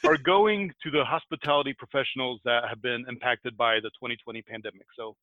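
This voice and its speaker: A man's voice: mid-range voice, steady tone, a little fast, no room sound, narrow, tinny audio. A man co-hosting a podcast in casual chat, laughing often and restarting his sentences. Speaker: podcast co-host.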